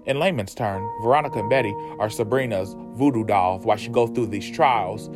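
A man's voice: lowish voice, a little fast. A man giving a campy, sassy, profane recap of a TV show. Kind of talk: casual TV recap. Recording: music playing under voice.

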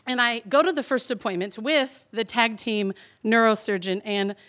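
Young woman, a touch high-voiced, animated live storyteller who laughs through her tale. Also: normal speed. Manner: chatty and animated, heavy on "like", laughs through the telling.

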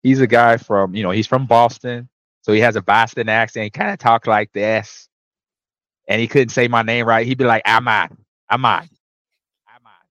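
A man's voice: medium pitch, brisk, no echo, lo-fi sound. A former running back hosting his own show, telling stories casually and acting out what people said, laughing often. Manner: relaxed, laughs often, acts out quotes. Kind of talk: casual storytelling.

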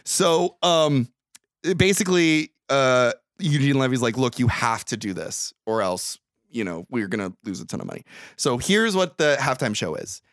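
A young man recapping a movie on a comedy podcast, his pitch jumping around as he tells the story. He swears freely and breaks into loud laughs. The sound is dry and close. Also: big pitch swings, normal speed, no room sound. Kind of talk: casual comedic chat.

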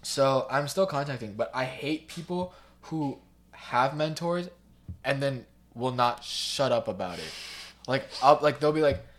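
A man's voice: medium pitch, expressive, measured pace, fairly bright tone. A teenage boy chatting casually, ranting about people at school and mimicking them in exaggerated voices, with lots of fillers. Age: teens. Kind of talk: casual chat.

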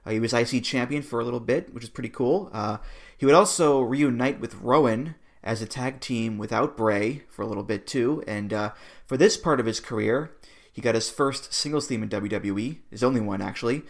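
With a mid-range voice, some vocal fry and a fairly quick pace, a male podcast co-host chats casually about wrestling theme songs. He sounds reassuring while breaking the tracks down.

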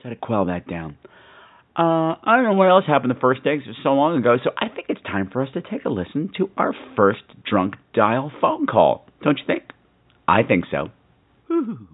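A man's voice: medium pitch, very animated, brisk, narrow, tinny audio. A man hosting a podcast, telling a travel story in a chatty way with sarcastic asides. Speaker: podcast host. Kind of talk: casual storytelling monologue.

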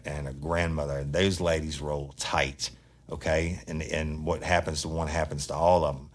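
A man hosting a true crime podcast, talking bluntly and heatedly in a casual monologue, swearing freely. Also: a bass voice.

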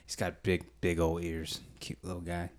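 A man's voice: sits low, normal speed. A man co-hosting a podcast, chatting casually and joking with frequent laughs. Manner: animated, jokey, laughs often. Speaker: podcast co-host. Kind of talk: casual chat.

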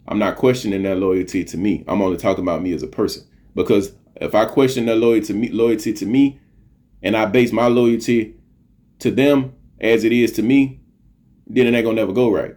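A man's voice: lowish voice, brisk, a little mellow. A middle-aged man hosting a podcast, giving an earnest, preachy motivational monologue, repeating phrases for emphasis and swearing casually. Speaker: podcast host.

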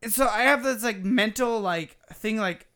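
This co-host of a gaming podcast speaks at normal speed in a high, clear, resonant voice. His long, casual story is loaded with profanity and lively acted-out quotes.

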